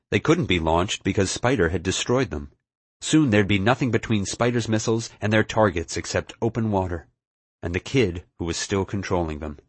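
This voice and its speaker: Man, audiobook narration, first person, expressive, low pitch, husky. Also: no echo.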